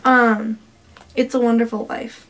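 A woman casually quizzing a friend on holiday trivia, playful and quick to laugh. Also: fairly high pitch, flat delivery, fairly bright tone, slight background noise. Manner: playful, laughs often, tries out foreign words. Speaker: trivia quiz partner. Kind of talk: casual chat.

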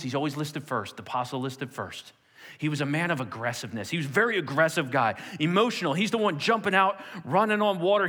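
A male pastor giving an animated sermon to a nearly empty church, acting out quotes in a raised voice. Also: a little high, big-room sound.

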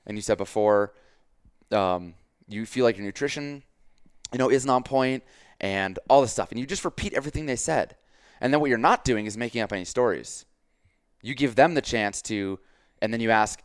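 A man's voice: lowish voice, normal speed, smooth, dry recording, clean studio sound. A man hosting a casual podcast as a fitness coach, talking emphatically with lots of "like" and quoted dialogue.

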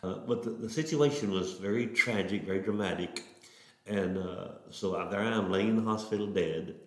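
A man's voice: on the low side, moderate pace, darkish tone. A middle-aged man, a preacher telling his testimony in an earnest, folksy way with many restarts. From Oklahoma. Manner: folksy, earnest, repetitive starts. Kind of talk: testimony storytelling. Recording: roomy echo.

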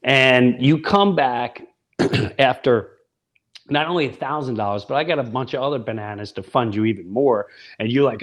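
A man in his fifties, a comedian chatting on a podcast, animated and acting out voices with loud outbursts. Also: mid-range voice, normal speed. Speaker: guest comedian. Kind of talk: casual podcast chat.

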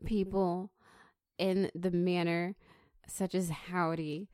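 Slow-talking playful woman podcast host. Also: on the low side, level tone, dark tone, no room sound, studio quality. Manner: playful, mock-cowboy greetings, drawn-out intros. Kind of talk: casual podcast banter. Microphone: studio podcast mic.

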